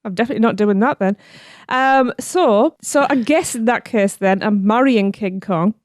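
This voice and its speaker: A woman's voice: fairly high pitch, moderate pace, dry recording, studio quality. A woman co-hosting a podcast in casual chat, hesitant and giggly. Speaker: podcast co-host.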